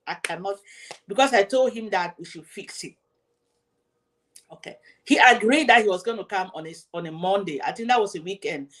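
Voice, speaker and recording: A woman's voice: mid-range voice, a bit bright. A woman hosting her own show, telling a personal story to her viewers in an emotional way, often repeating herself and speaking straight to her audience. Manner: emotional, repetitive, addresses the audience directly. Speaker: host.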